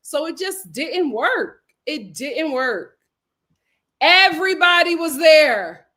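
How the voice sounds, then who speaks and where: A young woman hosting a live recap stream, chatting casually, reading viewer comments, laughing often and swinging between loud outbursts and murmured asides. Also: sits high, very animated, slow. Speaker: live recap show host.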